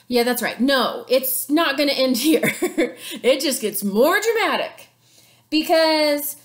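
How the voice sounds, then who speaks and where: A woman teacher walks her class through history in a playful, chatty way, full of sarcastic asides. Her voice is high, and its pitch rises and falls a great deal. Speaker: sixth grade teacher. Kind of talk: animated history lesson.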